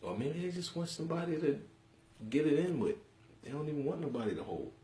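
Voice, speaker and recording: A man's voice: a little high, very animated, quick pace, dark tone. A young man from Harlem, hosting a live webcast from home and chatting bluntly with viewers in slang. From Harlem, New York City. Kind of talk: casual live-stream chat. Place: room in his home. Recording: echoey room.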